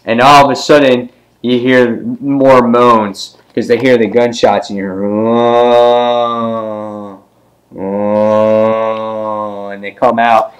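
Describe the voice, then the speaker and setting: A man talks through a comic book issue in a loose, chatty way, with plenty of ums. Now and then he jumps into a quick voice for a character as he retells a scene. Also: mid-range voice, flat delivery, low-quality recording. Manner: loose and casual, with many ums. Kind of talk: casual comic book review.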